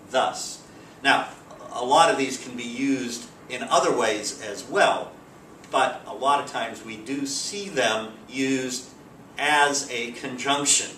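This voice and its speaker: A man teaching a grammar lesson in a relaxed, explanatory way with frequent fillers, recorded from a distance. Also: mid-range voice. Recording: roomy, distant mic, faint background hiss.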